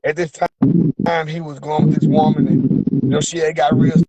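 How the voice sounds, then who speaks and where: A man with a Southern accent hosting a casual chat, speaking emotionally with stammering restarts and sudden high outbursts. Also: level tone, moderate pace, vocal fry, warm tone, highs cut off. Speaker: podcast host.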